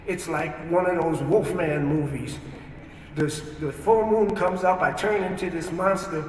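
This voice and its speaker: A man's voice: sits high, unhurried, a little mellow, a little hiss or hum. Earnest man telling his story in a hall. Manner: vivid, earnest storyteller who acts out his own past words. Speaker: speaker giving a testimony. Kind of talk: personal storytelling testimony. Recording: echoey hall, distant mic, archive.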